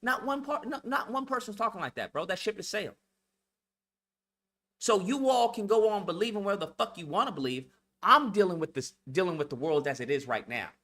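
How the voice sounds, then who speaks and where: A man's voice: sits high, expressive, fairly quick, fairly bright tone. A man delivering a heated, profane monologue rant as a channel host, blunt and repetitive, lecturing his listeners.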